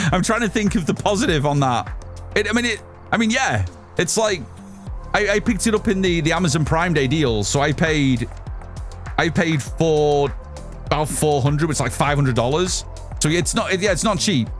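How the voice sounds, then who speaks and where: A man streaming live, chatting casually with lots of restarts and swearing. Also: fairly high pitch. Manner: rambling, swears freely, many restarts. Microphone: studio mic through an audio mixer.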